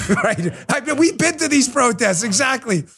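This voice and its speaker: Male talk show host, high and combative, emphatic delivery. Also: sing-song, normal speed, fairly bright tone. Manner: emphatic, combative, mocks opponents in put-on voices. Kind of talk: fiery political commentary.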